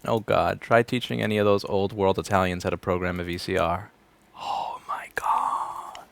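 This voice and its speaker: A man's voice: low voice, steady tone, fairly quick, vocal fry. A man in his thirties, a repair technician, chats casually and sardonically on a livestream, rambling and swearing freely. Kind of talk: casual livestream chat while working. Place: repair shop.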